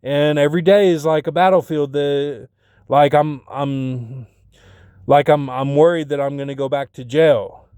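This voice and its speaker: A man's voice: fairly high pitch, steady tone, measured pace, a little mellow, clean tone, no room sound, clean studio sound. A man talking in a rambling personal monologue, packed with fillers and restarts, getting agitated when he retells arguments.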